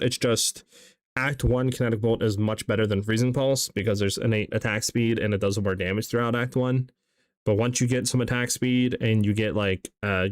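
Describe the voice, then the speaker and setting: A man's voice: on the low side, dry recording, studio quality. A man streaming a game live, chatting casually in a rambling way with lots of fillers as he answers chat.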